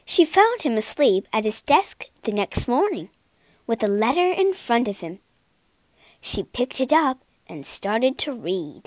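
Female storybook reader, slow pace, lively pitch. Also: no room sound. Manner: slow, lively expressive reading. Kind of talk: storybook reading.

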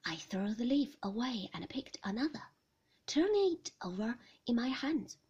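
A woman narrating a novel in a soft, hushed, whispered storybook reading. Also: a little high, very animated, moderate pace, husky, lo-fi sound. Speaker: audiobook narrator.

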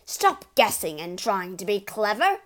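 A loud, blustering storybook father who brags and then bellows insults, as a woman reader puts him on. He talks at full volume, bullying and dismissive. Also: mid-range voice, lively intonation, measured pace, lightly acted. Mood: angry shouting. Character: blustering boastful middle-aged father.

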